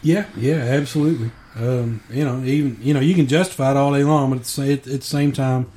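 A man hosting a casual interview, relaxed and joking, with lots of "you know" fillers. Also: medium pitch, quick pace. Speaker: podcast host.

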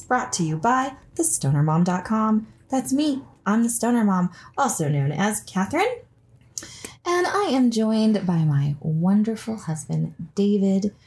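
A woman's voice: medium pitch, creaky, darkish tone. A woman hosting a podcast in casual chat, chatty and laughing often, with fillers. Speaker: podcast host.

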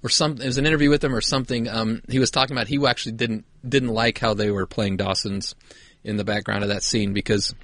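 A man's voice: lowish voice, steady tone, quick pace, a bit bright, dry recording. A man co-hosting a podcast in casual chat, joking around, swearing freely and laughing often. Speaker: podcast co-host.

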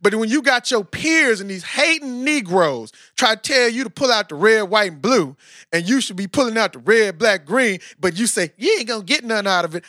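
High, bright-voiced American man hosting. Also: moderate pace, no room sound, studio quality. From United States. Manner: animated and talkative, with frequent fillers. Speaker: podcast host interviewing a guest. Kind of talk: casual chat.

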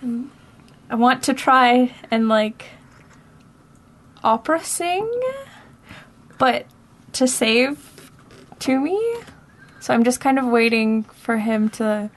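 A woman's voice: fairly high pitch, steady tone, slow, long pauses. A woman playing a tabletop game, describing her actions in a rambling, hesitant way. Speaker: player. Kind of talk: casual tabletop game play.

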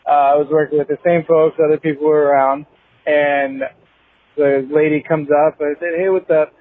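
Male caller, slightly higher voice, rambling story over a thin phone line. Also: flat delivery, normal speed, no echo. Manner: meandering, with many fillers and restarts.

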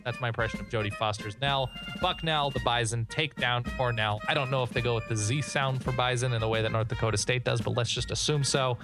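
A man's voice: medium pitch, steady tone, fairly quick, hardly any pauses, music in the background. A man co-hosting a podcast, chatting casually about college football with joking, rambling asides. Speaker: podcast co-host. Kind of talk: casual sports chat.

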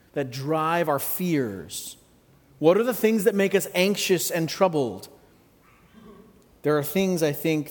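A man preaching a sermon in a conversational, reflective way with gentle humor. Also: fairly high pitch, big-room sound. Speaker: pastor.

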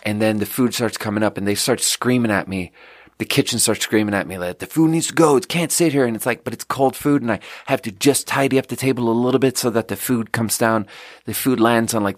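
A man with a Swedish accent telling a restaurant story casually as a podcast host, getting animated and loud when quoting people. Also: no room sound, clean studio sound. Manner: animated, rises to high shouting when quoting the kitchen.

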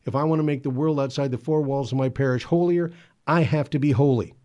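Catholic guy talking earnestly, trips over his words and repeats himself, middle pitch. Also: fast, warm tone, lo-fi sound. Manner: earnest, repeats words and stumbles when stirred. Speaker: Catholic commentator. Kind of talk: spoken commentary and exhortation.

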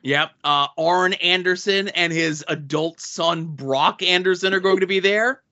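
A man's voice: sits high, measured pace, sharp tone, highs cut off. A man co-hosting a casual podcast, reading off convention guest lists with dry asides. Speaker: podcast co-host.

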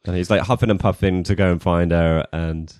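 A man's voice: sits low, fairly even intonation, brisk, a little mellow, no echo, studio quality. A man co-hosting a casual podcast chat, retelling scenes with swearing and playful exasperation. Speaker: podcast co-host.

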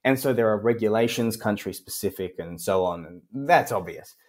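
A young Australian man from Western Australia, a copywriter chatting as a podcast guest, animated and jumping up in pitch when he quotes people. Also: normal speed. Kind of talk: casual interview chat.

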